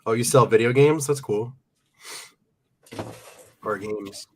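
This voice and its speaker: A man's voice: mid-range voice, takes it slowly, a little hiss or hum. A young man hosting a casual live stream. He chats with viewers, reads their comments aloud and laughs often. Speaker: livestream host and reseller. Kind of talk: casual livestream chat.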